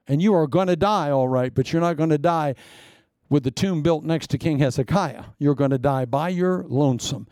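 A man's voice: mid-range voice, dark tone, dry recording, clean studio sound, lightly acted. A man voicing God in a sermon, delivering a stern, commanding rebuke.

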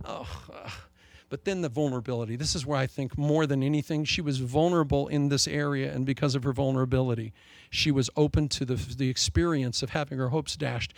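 A middle-aged man preaching a sermon as pastor, animated, swinging widely in pitch and volume as he acts out the people in his story. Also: fast talker, dry recording.

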